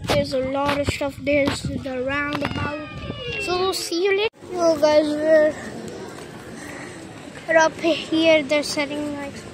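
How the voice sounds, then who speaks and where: A woman's voice: sits high, steady tone, slow pace. A woman narrating a casual walking vlog outdoors by the sea, eagerly repeating words as she points things out to her phone camera. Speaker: vlogger. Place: outdoors by the sea and a busy street. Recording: loud outdoor noise.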